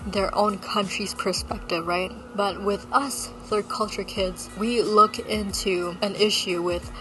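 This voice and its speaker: Speaking at a measured pace in a steady, medium-pitched voice, this Filipino woman vlogger delivers a casual talking-head vlog full of blunt sarcasm, ranting, and free swearing. Her accent is American with a touch of Malaysian. The audio quality is poor.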